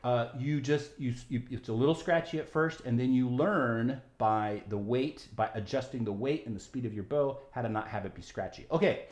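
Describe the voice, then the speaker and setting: A man's voice: medium pitch, moderate pace, hardly any pauses, darkish tone. A man teaching violin, explaining rhythm and bowing patiently step by step, often checking in with "right?". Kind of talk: music tutorial. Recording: roomy echo with violin. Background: violin playing.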